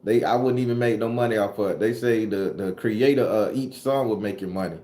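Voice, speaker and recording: His voice is warm and on the low side, coming a little fast. He's the southern Florida tarot reader hosting a casual livestream, Southern US accent and all, replying to live chat comments with loose, profane slang. It's an echoey room.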